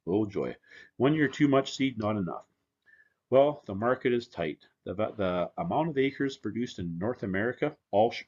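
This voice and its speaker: A man's voice: on the low side, darkish tone, dull audio. A man presenting at a seminar as a seed company representative, talking in a conversational, joking way. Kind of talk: conference presentation.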